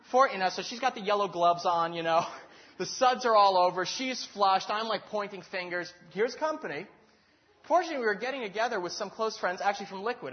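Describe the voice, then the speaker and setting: A man preaching in a storytelling sermon, animated and acting out the voices in his story. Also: sits high. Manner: animated, acts out quoted dialogue. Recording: dull lo-fi recording.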